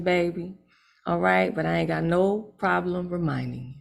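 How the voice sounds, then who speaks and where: A woman's voice: lowish voice, moderate pace, creaky. A woman hosting an online open mic over a video call, talking in emphatic, streetwise banter with lots of tag questions.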